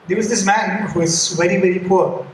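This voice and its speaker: Brief: young man, high-pitched storyteller, lively character voices, roomy distant mic. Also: a little fast, slight background noise. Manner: animated storyteller acting out dialogue. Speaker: speaker at a youth gathering. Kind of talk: storytelling talk. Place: room during a pilgrimage gathering. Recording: echoey room, mic at a distance.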